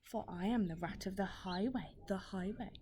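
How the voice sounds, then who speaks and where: A bullying rat robber of the road, greedy and rude, who hisses his demands in a mellow, half-whispered voice, played by a woman telling a storybook tale. The whisper sits over a faint hiss in the background. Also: mid-range voice, unhurried, close to an everyday voice. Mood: whispered menace. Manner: hushed, half-whispered menace.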